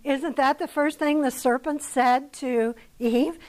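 A woman with an American accent teaching scripture to a church group, her voice pitched high. She speaks slowly and deliberately, often pausing to ask her listeners a question before answering it herself. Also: fairly even intonation, poor audio. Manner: conversational, asks the audience questions. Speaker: women's Bible study teacher. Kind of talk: Bible teaching talk.

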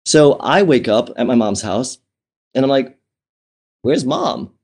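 A man's voice: mid-range voice, normal speed, darkish tone. A man recounting a personal story in a conversational interview, chatty and candid, with fillers, restarts and frequent laughs. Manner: laughs often while telling. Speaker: interview guest.

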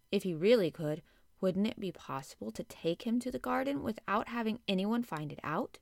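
A woman reading a classic children's novel aloud, measured and gentle. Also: lowish voice, gravelly, no room sound, studio quality. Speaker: audiobook narrator. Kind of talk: storybook narration.

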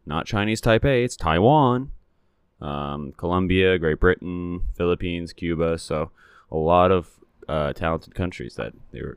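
A young man with a very deep, smooth, resonant voice talks through sports results in a loose, rambling way, full of fillers and blunt asides. The sound is dry and close, with no room around it. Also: dry recording. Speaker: commentator recapping sports results. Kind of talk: casual solo commentary.

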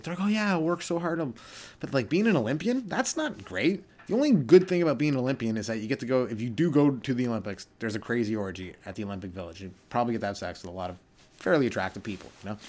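Young adult male comic, podcast host, rambling solo rant style, average pitch. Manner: rambling, riffs into goofy voices for bits. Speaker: stand-up comedian, podcast host.

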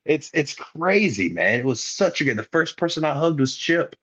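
A man's voice: fairly high pitch, sing-song, moderate pace, fairly bright tone, breathy edge. A man in his twenties, a guest wrestler, telling a story in casual podcast talk and animatedly acting out other people's lines. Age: 20s. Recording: muffled lo-fi recording.

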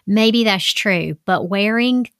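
A woman's voice: mid-range voice, slow, a bit bright, smooth, no echo, clean studio sound. A middle-aged woman hosting a podcast, talking in a candid, chatty way with asides and fillers. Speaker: podcast host. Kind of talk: casual solo podcast talk.

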